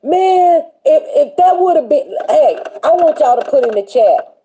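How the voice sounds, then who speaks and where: A woman hosting a casual faith chat on a livestream, animated and chatty, laughing often and greeting viewers by name. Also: sits high, moderate pace. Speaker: livestream show host.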